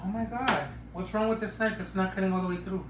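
A man's voice: high voice, fairly even intonation, fast talker, roomy sound, noisy background. Playful man hosting a live cooking stream. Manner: playful, joking, chats with viewers. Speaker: cooking livestream host. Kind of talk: casual live cooking chat.

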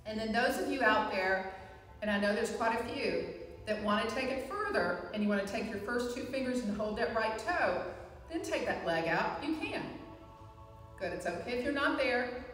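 A woman instructor guiding a live chair yoga class, with calm, encouraging cues and frequent reminders to breathe. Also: fairly high pitch, normal speed, recorded from a distance, soft background music. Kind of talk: live guided fitness class. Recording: echoey hall, voice from afar.

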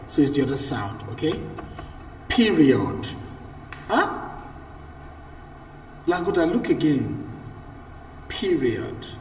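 A man teaching an online class, lively and encouraging as he reads out student answers. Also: on the high side, slow pace, long pauses, slight background noise. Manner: lively and encouraging, repeats praise. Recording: roomy, echoey audio from far off the mic.

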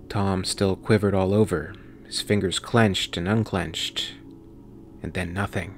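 A man narrating a sci-fi horror audiobook with steady, measured reading. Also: lowish voice, a little hiss or hum. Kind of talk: scripted narration.

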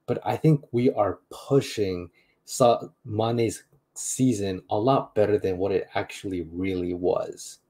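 A man's voice: fairly low pitch, steady tone, unhurried, dark tone. A man on a football panel, talking in a laid-back casual way with laughs.

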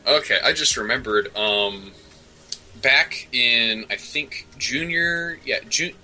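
Young male co-host, very bright lowish voice, rambling anecdote, music bed. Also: slow pace, rough recording. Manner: rambling storyteller, many fillers and restarts. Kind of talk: casual chat.

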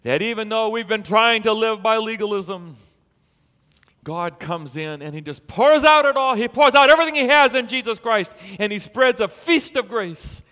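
Pastor guy preaching, high bright voice, really animated storytelling, long reverb like a big hall. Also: normal speed. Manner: animated storytelling, rising to emphatic peaks. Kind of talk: sermon.

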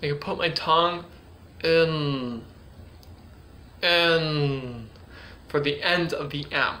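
A man's voice: on the high side, little pitch movement, brisk, pushed and bright, slight background noise. A man casually teaching ventriloquism, hesitant and full of fillers as he demonstrates letter sounds. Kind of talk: casual tutorial.

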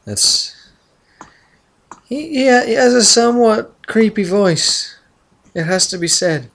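A man's voice: high-pitched, animated, slow pace, vocal fry, fairly bright tone, slight background noise. Rambling young gameplay commentator man. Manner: chatty, rambling, mutters when concentrating. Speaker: let's play commentator.

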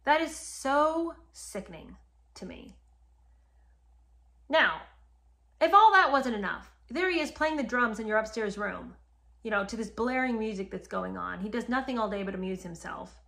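A woman's voice: medium pitch, normal speed, gravelly, sharp tone. A woman casually retelling a history story to the camera, speaking straight to her viewers in an indignant, emphatic way. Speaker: history commentator.

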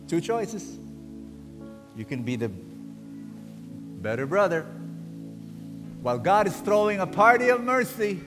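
Man preaching in a reverberant hall. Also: on the high side. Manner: calls out to the audience for responses. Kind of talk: sermon. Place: large hall before a congregation. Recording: long hall reverb with guitar music behind.

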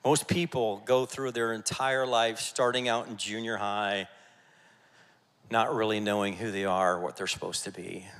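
A man preaching a sermon as pastor, energetic and jokey, rallying his congregation. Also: lowish voice, unhurried. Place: church sanctuary. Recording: church hall reverb.

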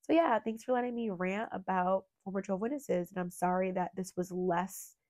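A woman's voice: mid-range voice, fairly quick, darkish tone, no room sound, clean studio sound. A young woman with a cold, sounding nasal, hosting a true crime channel and rambling in a heartfelt, filler-heavy way. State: sick with a cold. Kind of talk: casual emotional monologue.

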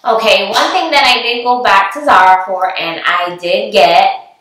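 A bubbly woman vlogger talks through a clothes try-on haul, unhurried and chatty, often laughing and repeating herself. Her voice sits a bit back from the mic and rings around a very echoey room. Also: medium pitch, fairly bright tone, recorded from a distance. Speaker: fashion vlogger. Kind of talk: casual try-on haul chat.

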